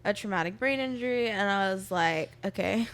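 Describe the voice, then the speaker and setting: A woman's voice: mid-range voice, fairly quick, fairly bright tone. A young woman chatting casually as a podcast guest, telling a rambling story and acting out her own lines. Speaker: bartender guest. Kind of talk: casual chat.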